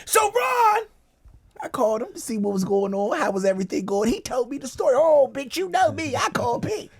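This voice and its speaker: A man hosting a radio talk show, telling stories in loud, animated casual chat full of swearing. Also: very high-pitched, brisk, vocal fry, slightly rough.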